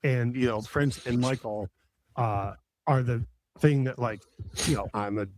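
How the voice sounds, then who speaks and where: A middle-aged man hosting a casual chat and talking at an ordinary pitch. He rambles with real enthusiasm, circling back with lots of fillers and restarts. His voice is recorded close and dry, with no room echo. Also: a little slow, darkish tone. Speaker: podcast host.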